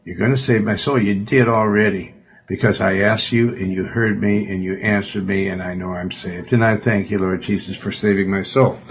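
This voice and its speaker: A man's voice: on the low side, steady tone, moderate pace, husky. A man, a pastor, leading a prayer and closing a radio sermon with fervent, earnest repetition.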